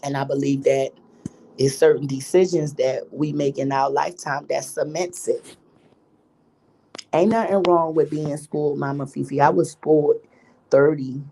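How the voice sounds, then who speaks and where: Gravelly, profane middle-aged woman vlogger. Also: deep voice, fairly even intonation, normal speed, warm tone, a little hiss or hum. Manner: profane, emphatic, preachy. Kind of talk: candid storytelling monologue.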